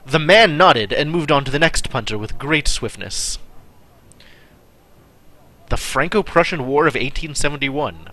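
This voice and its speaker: Bright, lively man reading a game aloud. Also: mid-range voice. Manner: wry, chatty asides while reading aloud. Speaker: streamer playing a text game. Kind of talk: live game play with narration.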